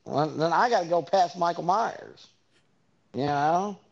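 A man's voice: fairly high pitch, measured pace, vocal fry. A man telling stories in a casual, rambling monologue, full of fillers and swearing. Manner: rambling storyteller, many fillers, profane asides. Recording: dull lo-fi recording.

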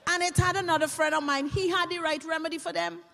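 A woman with a Caribbean Creole accent telling comic stories to an audience in a lively, chatty way, heard with long hall reverb. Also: extremely high pitch, quick pace, vocal fry. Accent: Caribbean English Creole. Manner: lively, chatty, swings between voices. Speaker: storyteller.

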